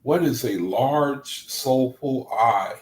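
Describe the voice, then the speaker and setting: A man reading aloud to a study group and commenting, excitable and gushing with exclamations. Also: mid-range voice, slow, roomy sound, low-quality recording.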